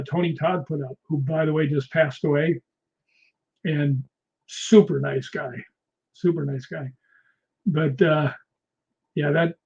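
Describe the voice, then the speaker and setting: A man guesting on an interview show, telling film set stories in a casual way and laughing often. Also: fairly high pitch. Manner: animated storyteller, laughs often. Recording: dull lo-fi sound.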